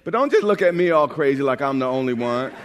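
A man's voice: mid-range voice, very animated, quick pace, a little hiss or hum. A pastor from New York preaching a sermon in a conversational, joking way, often restarting his phrases. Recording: long hall reverb.

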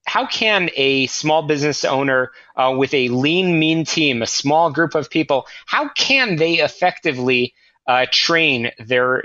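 A man hosting a business show, interviewing a guest with many halting fillers. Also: mid-range voice, bright, forceful tone, dry recording, dull audio. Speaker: radio show host.

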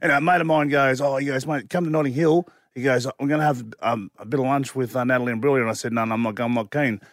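A man's voice: medium pitch, fairly even intonation, fast talker, dry recording, clean studio sound. An Australian man co-hosting a radio show, telling stories in casual banter and saying "mate" often. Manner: chatty storyteller, says "mate" a lot. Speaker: radio co-host.

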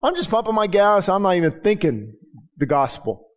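In a high-sitting voice with big pitch swings and a moderate pace, a middle-aged pastor offers a conversational sermon, playing out the exchanges in his stories.

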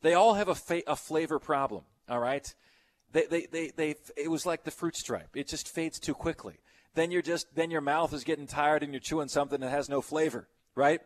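A middle-aged man hosts a sports radio show with easy, rambling chatter. His voice sits a little high for a man. He riffs casually on listener messages. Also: normal speed.

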